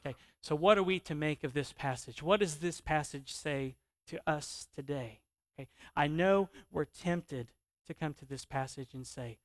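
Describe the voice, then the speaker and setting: A man preaching a sermon in a conversational, animated way, often asking his listeners questions. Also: on the high side, normal speed. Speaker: pastor.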